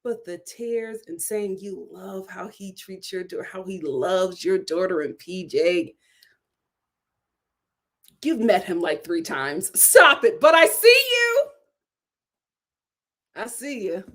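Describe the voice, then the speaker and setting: A woman giving sassy, animated commentary on a reality show, laughing at her own jokes. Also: fairly low pitch, takes it slowly. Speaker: reality TV reviewer. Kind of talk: casual commentary.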